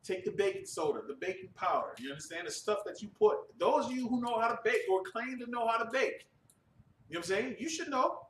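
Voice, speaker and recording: A man's voice: high voice, expressive, fast, a bit bright, slight background noise. A man preaching and giving announcements to a religious class, emphatic and often checking that listeners understand. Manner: emphatic, repeats "you understand". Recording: echoey room from a distant mic.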